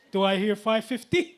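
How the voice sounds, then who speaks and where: Into a handheld microphone, a high-voiced man works a live charity auction, speaking slowly and stretching out every number. He keeps up jovial teasing of the bidders.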